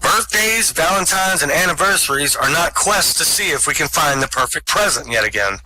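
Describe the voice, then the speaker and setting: A man with a very bright, forceful, fairly high voice delivers stand-up jokes over voice chat. He chuckles at his own punchlines, and a faint hiss runs under the line. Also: lively intonation, normal speed, low-quality recording. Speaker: stand-up comic. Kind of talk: telling jokes at an online open mic. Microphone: home microphone, online voice chat.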